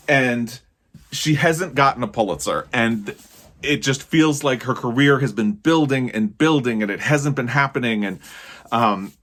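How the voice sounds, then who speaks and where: A young man, a book vlogger, reacting live to an announcement, nervous and excitable, talking in breathless bursts. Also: medium pitch.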